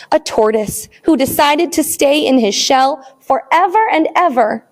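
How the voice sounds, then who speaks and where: A woman librarian reading a picture book aloud to small children, expressive and animated, then leading a counting rhyme. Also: high voice. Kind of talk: storytime read-aloud.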